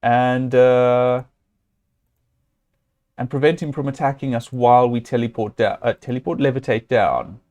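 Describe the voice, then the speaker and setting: A man talks through a game on a live stream, working out each move as he goes. His speech is loose and halting, full of "um"s and restarts. Now and then he speaks straight to his viewers or scolds the game's hero. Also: mid-range voice, a little mellow, lo-fi sound. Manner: thinking aloud, hesitant, with many fillers and restarts. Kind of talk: live gameplay commentary.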